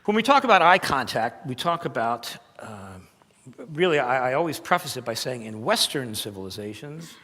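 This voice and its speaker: A man leads a live seminar on presentation skills, talking in an emphatic, conversational way and slipping in playful asides. His voice sits at a middle pitch for a man. It rings out with a long reverb, as in a large hall. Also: big pitch swings, normal speed, bright, forceful tone.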